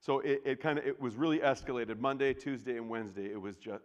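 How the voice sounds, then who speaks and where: A man preaching a sermon as pastor, talking casually with the congregation and swinging from loud bursts to hushed, near-whispered lines. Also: mid-range voice, fast, highs cut off. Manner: conversational, with restarts and asides to the congregation. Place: church sanctuary. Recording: long reverb of a large church hall.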